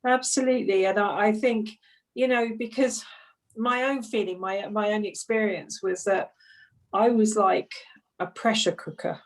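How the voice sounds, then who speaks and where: Gentle woman on a distant mic. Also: medium pitch, steady tone, a little slow. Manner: gentle, reflective, laughs softly between thoughts. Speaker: grief support group facilitator. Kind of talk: online group discussion. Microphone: video call. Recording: distant video call mic.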